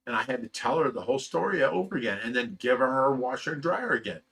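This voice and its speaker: A middle-aged man from Ohio talks casually on a livestream, his voice bright and forward. He rambles through heartfelt stories, trips over his words and reads out chat messages as he goes. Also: mid-range voice, expressive, fast talker, creaky, slightly rough. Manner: emotional, rambling storytelling with fillers and laughs. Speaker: fish rescue channel host reading live chat.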